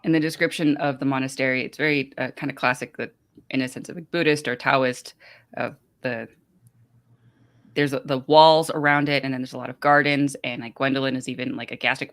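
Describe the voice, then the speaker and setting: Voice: medium pitch, steady tone, fairly quick, fairly bright tone. A podcast host recapping book chapters in a casual, rambling way with many hesitations.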